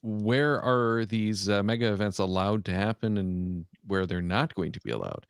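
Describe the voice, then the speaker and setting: A man co-hosting a casual podcast chat, reading through a list with frequent pauses and fillers. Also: lowish voice, clear, resonant tone, no echo, studio quality. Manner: halting, many "uh" fillers while reading out a list. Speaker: podcast co-host.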